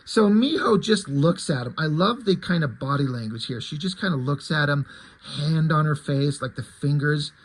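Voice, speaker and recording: Man reviewing comics, enthusiastic, husky, slightly high voice. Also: moderate pace, low-quality recording. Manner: enthusiastic, chatty. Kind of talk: casual comic book retelling.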